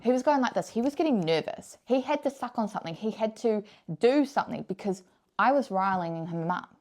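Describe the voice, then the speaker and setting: A woman's voice: mid-range voice, expressive, fairly quick, darkish tone. Blunt, swearing young woman vlogger. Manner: blunt and frank, swears freely; emphatic, repeats key points. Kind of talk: casual advice talk to camera.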